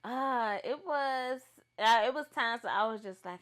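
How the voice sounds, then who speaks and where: A young adult woman co-hosting a podcast, chatting casually and telling animated stories with bursts of laughter. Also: fairly high pitch, a little slow. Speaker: podcast co-host. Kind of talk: casual chat.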